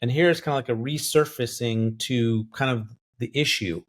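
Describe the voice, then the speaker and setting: A man's voice: medium pitch, normal speed. A man co-hosting a podcast, working through a Bible verse and thinking aloud with many fillers and grammar terms. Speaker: co-host biblical scholar. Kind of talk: explaining a Bible passage verse by verse.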